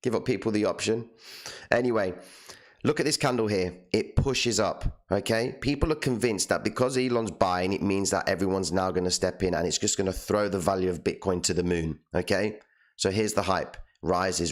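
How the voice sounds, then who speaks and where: Hoarse, low-voiced male streamer; passionate live market commentary. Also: moderate pace. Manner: passionate, tags lines with "okay?" and "all right?". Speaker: trading live stream host.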